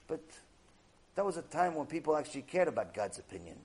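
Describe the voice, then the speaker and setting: Man, high voice, husky tone, Torah lecture, emphatic, repeats phrases for effect. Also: sing-song, quick pace, a little mellow. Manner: emphatic, rhetorical repetition. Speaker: Torah teacher.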